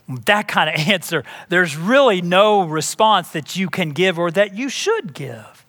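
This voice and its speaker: A male pastor delivers his sermon in a high, bright voice that carries a crisp edge. He talks in an emphatic, conversational way and doubles back on words as he pushes a point. His voice rings with the long reverb of a large hall. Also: expressive, normal speed.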